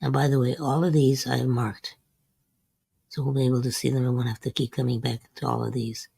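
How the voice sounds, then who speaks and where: A man's voice: mid-range voice, little pitch movement, brisk, creaky, mellow, slightly rough, no room sound. A man hosting a trading lesson, walking through chart examples in a methodical way and repeating short refrains. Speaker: host. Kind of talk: scripted market lesson over a chart screen.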